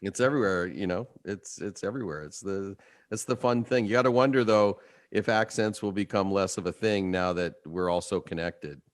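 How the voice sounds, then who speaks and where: Man, radio host, very low voice, dry close sound, rambling casual talk with fillers. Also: moderate pace, no echo. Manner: relaxed and rambling, many fillers.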